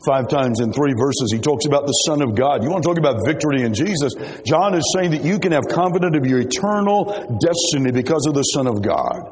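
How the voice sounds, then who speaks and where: A man's voice: mid-range voice, animated, brisk, few pauses, a little mellow. A man preaching a sermon, emphatic and rhetorical, quoting scripture and asking the congregation questions. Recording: long hall reverb.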